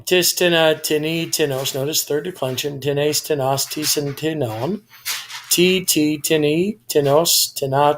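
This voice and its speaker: A man walking through a grammar lesson in a methodical, explanatory way. His voice sits a little higher than most men's. He pauses to correct himself and then carries on. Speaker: Greek tutor.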